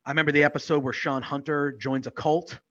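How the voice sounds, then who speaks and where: A man's voice: a little high, little pitch movement, fast talker, fairly bright tone, muffled recording. A man co-hosting a casual podcast chat, talking in a rambling, heartfelt way with lots of fillers. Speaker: podcast co-host.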